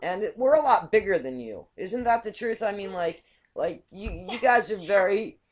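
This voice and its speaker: A woman's voice: mid-range voice, expressive, normal speed, slight background noise. A woman from Canada hosting a casual group video chat, chatty and giggly, often restarting her words. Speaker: host.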